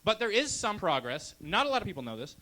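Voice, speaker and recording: On a comedy club stage, a young man from Canada delivers deadpan, brash stand-up through a handheld microphone. He talks fast in a high voice.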